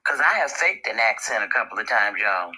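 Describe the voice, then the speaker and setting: A woman's voice: a bass voice, lively intonation, brisk, pushed and bright, breathy edge, poor audio. An older woman, a grandmother, joining a podcast as a guest and chatting, telling anecdotes straight to the listeners. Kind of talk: casual storytelling.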